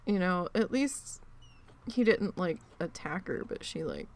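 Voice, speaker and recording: A woman's voice: on the low side, very animated, unhurried. A woman streamer telling a family story in casual chat, swearing freely and acting out quoted voices. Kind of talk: casual storytelling while gaming.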